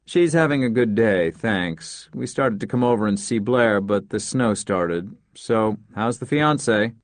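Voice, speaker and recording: A man's voice: fairly low pitch, animated, no echo. A man reading the part of a proud, tough older husband who talks pleasantly but a little stiffly. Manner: brisk, pleasant, a touch stiff.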